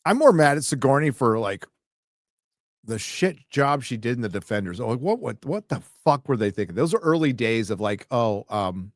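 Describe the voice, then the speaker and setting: A man's voice: mid-range voice, very animated, moderate pace, no room sound, clean studio sound. A man hosting a casual live stream, reading viewer comments and ranting with lots of swearing and sarcastic asides.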